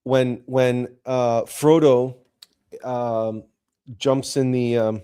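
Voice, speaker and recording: A man's voice: medium pitch, little pitch movement, extremely slow, mellow, clear, resonant tone. A man hosting a spiritual talk show, speaking in an earnest, emotional monologue with frequent repeats and restarts. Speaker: host.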